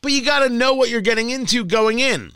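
Male talk radio host, high and animated delivery, bright tone, dry studio sound, sarcastic and combative. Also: a little fast, clean tone, no room sound. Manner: combative, sarcastic, emphatic repetition. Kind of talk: opinionated political talk radio monologue.

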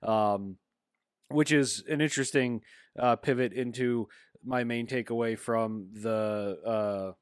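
A man's voice: mid-range voice, steady tone, slow pace, clear, resonant tone, no room sound, studio quality. A man co-hosting a podcast in casual chat, hesitant with many ums, then getting emphatic. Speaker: podcast co-host.

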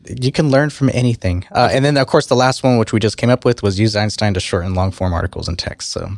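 Throat-clearing low-voiced man losing his voice. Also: fast talker, no room sound, studio quality. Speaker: podcast co-host. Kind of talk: casual tech podcast chat.

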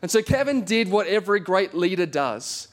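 A man speaks from the pulpit with a high-pitched, sing-song voice at a moderate pace. He's a pastor giving a conversational sermon, poking fun at himself as he tells a story and performs the quoted voices.

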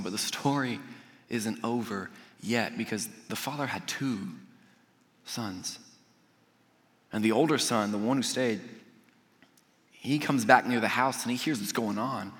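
Male pastor, sermon storyteller, forceful and bright, acts out quoted lines, long hall reverb. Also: medium pitch. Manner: animated storyteller acting out quoted voices.

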